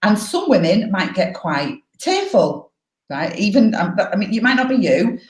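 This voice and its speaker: A woman coaching live, explaining advice in a frank, animated way and swearing freely. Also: medium pitch, moderate pace, roomy sound, poor audio. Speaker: life coach.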